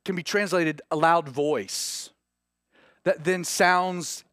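A male pastor with a Southern US accent preaches a sermon, shifting between hushed, slow emphasis and rising, urgent passages. His voice is fairly high, clear, and resonant, captured with studio quality and no echo.

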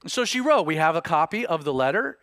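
High, animated man preaching. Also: brisk, no echo, clean studio sound. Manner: animated, conversational, with asides. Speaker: pastor. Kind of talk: expository sermon.

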